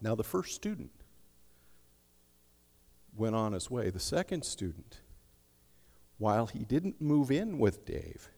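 A man preaching as a pastor, telling a story in a conversational sermon style with soft asides. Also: on the low side, sing-song, takes it slowly, gravelly, long pauses, long reverb tail.

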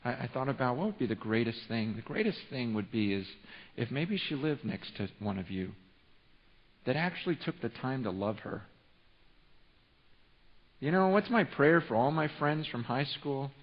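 A male pastor preaching a sermon in a church, telling a story with animated, rising excitement and frequent restarts. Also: mid-range voice, moderate pace, pauses often. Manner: repeats and restarts words often. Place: church sanctuary. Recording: muffled sound with long hall reverb.

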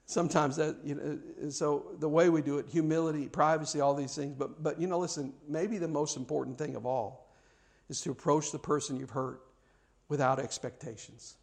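A man's voice: fairly high pitch, fairly even intonation, moderate pace, vocal fry. A male pastor preaching a sermon, telling a story and acting out quoted voices with frequent repeated words.

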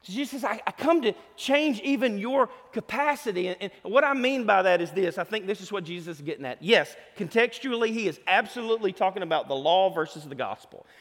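A man preaching a sermon in a folksy, animated way. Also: high-pitched, fast talker, few pauses. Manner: animated, folksy, voices Jesus in quotes. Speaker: pastor. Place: church sanctuary. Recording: long hall reverb.

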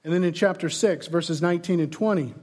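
A man with a high voice preaches a sermon as pastor. He speaks earnestly, keeps asking the congregation rhetorical questions, and sometimes trips over repeated words when he presses a point. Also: a little fast, a little mellow.

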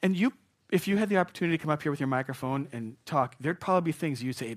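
A man preaching a sermon, talking to his congregation like a friend. His voice sits a little high for a man. He drops to near whispers and then breaks into loud shouted asides. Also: fast talker. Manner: conversational preaching, swings from hushed to shouted asides. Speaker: pastor.

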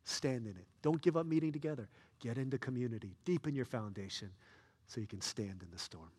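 Male pastor, mid-pitched, lively storyteller, soft to loud. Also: fairly quick, slightly rough, long reverb tail. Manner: storytelling, swings between soft and loud, excited. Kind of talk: sermon.

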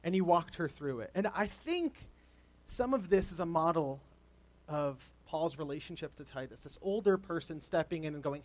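A man filling in as preacher at an outdoor church service, giving a candid, conversational sermon with gentle storytelling. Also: a little high, lively intonation, normal speed. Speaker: guest preacher.

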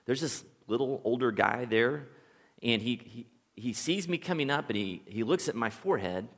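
A man preaching a sermon as a pastor, relaxed and conversational, telling stories and chuckling now and then. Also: mid-range voice, moderate pace, long reverb tail. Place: church sanctuary.

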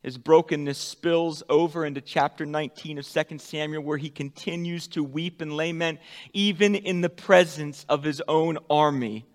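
A pastor preaching a sermon, with dramatic swings from loud emphatic peaks to hushed, soft endings. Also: male voice, on the high side, fairly even intonation, normal speed, big-room sound.

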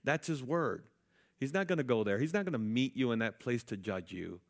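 A man's voice: medium pitch, expressive, a little fast. A pastor preaching an emphatic sermon, calling out to his listeners. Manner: emphatic, calls out to the congregation.

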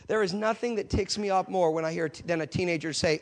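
A man with a high-pitched voice delivers a passionate sermon from the pulpit of a church. He swings between soft, confiding stretches and sudden loud bursts. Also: quick pace. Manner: passionate preaching with sudden loud outbursts and acted quotes. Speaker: pastor.

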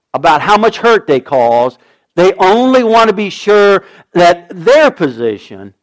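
An older male pastor delivers an earnest sermon, switching between loud emphasis and hushed asides. His voice sits fairly high for a man and rises and falls a lot.

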